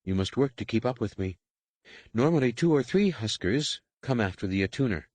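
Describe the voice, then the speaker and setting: A man's voice: medium pitch, animated, darkish tone, no room sound, natural voice. A man voicing a stern, clipped overseer woman. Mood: stern, instructing. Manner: clipped, commanding, measured. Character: stern female alien slave overseer, curt. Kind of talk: audiobook character reading.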